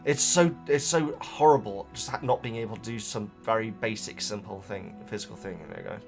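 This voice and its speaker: A man's voice: fairly low pitch, fairly quick, gravelly, over music. A man who hosts, chatting casually as he reads out viewer comments, rambling, stopping himself and laughing often. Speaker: host reading viewer comments. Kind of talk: casual chat to camera.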